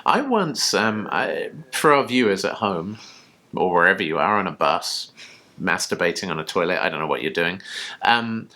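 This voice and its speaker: A man's voice: low-pitched, sing-song, normal speed, bright, forceful tone. A man from the UK co-hosts a casual, tipsy chat, wandering from joke to long rambling story. His voice swings widely up and down as he talks. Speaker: co-host.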